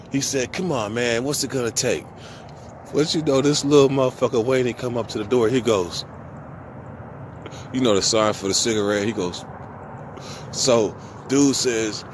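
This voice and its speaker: A man casually telling a long story from his own past, with profane, slangy speech and animated quoted dialogue. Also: mid-range voice, moderate pace, long pauses, noisy background. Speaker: vlogger.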